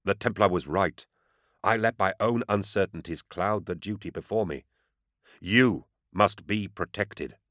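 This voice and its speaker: A man voicing a grim, dutiful male warrior captain who speaks in a firm, deliberate, commanding way. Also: deep voice, a bit bright, no room sound, studio quality. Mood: resolute.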